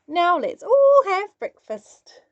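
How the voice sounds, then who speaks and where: A woman's voice: extremely high pitch, huge pitch swings, slow, no echo, muffled recording, voice pushed up, full character voice. A woman doing a feisty old granny. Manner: spirited, yelling. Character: old grandmother, feisty and brave.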